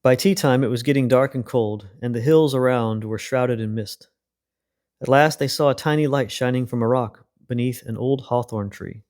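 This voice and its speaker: A man hosting a podcast, reading a children's storybook aloud in a calm, unhurried way. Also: mid-range voice. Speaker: podcast host and reader.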